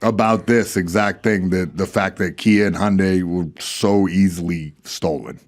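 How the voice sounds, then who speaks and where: A man reading news stories on a podcast, relaxed and agreeable. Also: sits low. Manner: easygoing, agreeable, quick to laugh.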